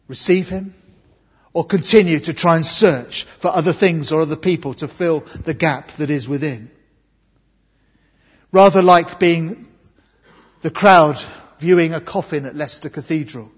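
Husky, slightly high male preacher from England, earnest sermon delivery, dull recording with long church reverb. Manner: earnest, emphatic, slows for key words. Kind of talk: Easter sermon. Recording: dull muffled sound with long hall reverb.

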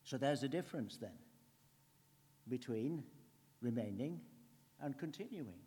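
A man's voice: mid-range voice, animated, unhurried, breathy edge. Earnest man preaching in a reverberant hall. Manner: earnest, swings between emphatic and hushed. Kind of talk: conversational sermon.

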